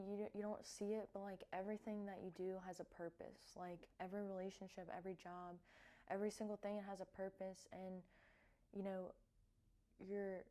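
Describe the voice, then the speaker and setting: A woman vlogger talking casually and softly, with lots of fillers and restarts, as she reflects on cards she has drawn. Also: mid-range voice. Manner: soft-spoken, hesitant with many fillers. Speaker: wellness vlogger.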